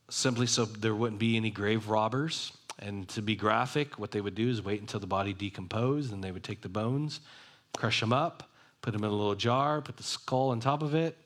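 A man's voice: mid-range voice, fairly bright tone. A man preaching a sermon, reading a passage aloud and explaining it in a conversational way. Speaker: pastor.

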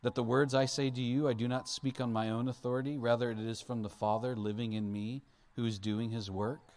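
Male pastor, sermon, chatty delivery, checks in with the crowd, mid-pitched voice. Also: flat delivery, brisk, a little mellow. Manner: conversational, asks the audience questions; acts out Bible figures in playful voices.

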